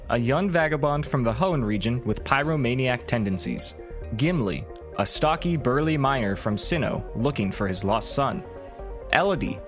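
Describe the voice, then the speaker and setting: A man narrating as game master of a tabletop game, talking casually with plenty of fillers. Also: mid-range voice.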